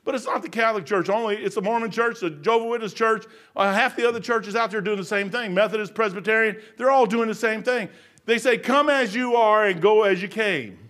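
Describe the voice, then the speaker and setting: An older man preaching a folksy sermon, telling stories and swinging from quiet muttering to loud, emphatic lines. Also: high-pitched, fairly even intonation, quick pace.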